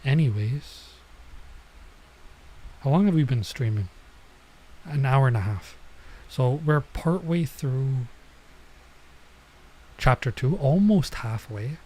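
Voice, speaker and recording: A man on a casual live stream reading a manga and translating it, halting and explaining as he goes. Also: medium pitch, expressive, mellow, rough recording.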